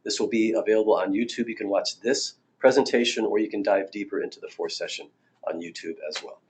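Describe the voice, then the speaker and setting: A man's voice: fairly low pitch, fast, darkish tone. A man in his sixties, a marriage therapist, giving a recorded training talk in a conversational, anecdotal way with fillers and restarts.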